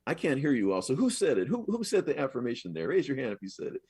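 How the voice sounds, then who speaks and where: A man's voice: mid-range voice, sing-song, quick pace, a little mellow, slightly rough, no room sound. A man, a minister, preaching a sermon at a live service in a conversational, affirming way, repeating his points. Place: live service at a spiritual center.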